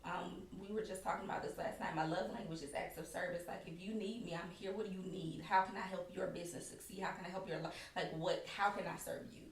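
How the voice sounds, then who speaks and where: A woman's voice: fairly low pitch, fairly even intonation, fast talker, hardly any pauses. A woman guest on a podcast, telling her story candidly and animatedly, laughing often and acting out others in quotes. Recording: roomy sound from a distant mic.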